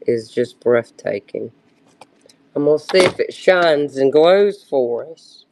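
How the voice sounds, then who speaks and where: Casual live seller, a woman with a slow, meandering pitch who loses her train of thought and restarts. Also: a little mellow. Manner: halting, searches for words and restarts. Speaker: live-stream vintage jewelry seller.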